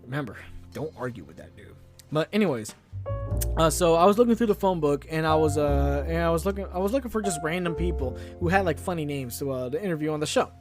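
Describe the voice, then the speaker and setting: A man's voice: quick pace, a little mellow, soft background music. A man hosting his own podcast, rambling casually with many hesitations. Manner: rambling, hesitant, low-key. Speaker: podcast host.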